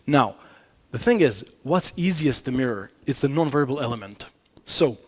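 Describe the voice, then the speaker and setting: Man giving a lively conference talk. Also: a little high. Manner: conversational, addresses audience directly, frequent self-corrections. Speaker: business communication trainer. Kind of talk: conference talk to a live audience. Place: conference stage.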